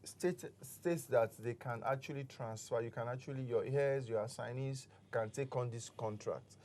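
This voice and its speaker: A man's voice: medium pitch, moderate pace, a little hiss or hum. A man with a Nigerian English accent, a real estate expert explaining deals on a studio talk show in an emphatic, explanatory way. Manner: explanatory, emphatic, grows animated.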